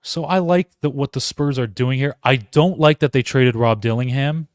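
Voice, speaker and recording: A man's voice: mid-range voice, moderate pace, no room sound, clean studio sound. A man hosting a live solo sports reaction stream, rambling, interrupting himself and talking to his chat. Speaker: podcast host.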